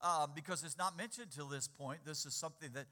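A man preaching a sermon as pastor, getting the congregation to answer back and repeating key words. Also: on the high side. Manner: quiet and slow in prayer, louder and rising when exhorting.

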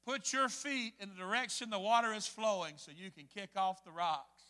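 High-voiced, bright preacher in a hall. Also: male voice, normal speed. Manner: storytelling, dramatic swings from hushed to loud. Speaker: pastor. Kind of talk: sermon.

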